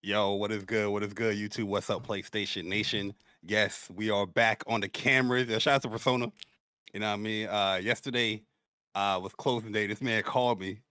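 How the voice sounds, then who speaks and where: Bright-voiced New podcast co-host man. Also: on the low side, a little fast, clean tone, no room sound, studio quality. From New York. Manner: animated storytelling, acts out what friends said. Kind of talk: casual gaming podcast chat.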